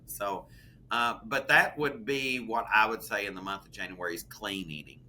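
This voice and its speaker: A man with a Southern US accent chatting as a podcast co-host, folksy and animated, calling the listener "honey". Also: mid-range voice, measured pace, slight background noise. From American South. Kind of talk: casual chat.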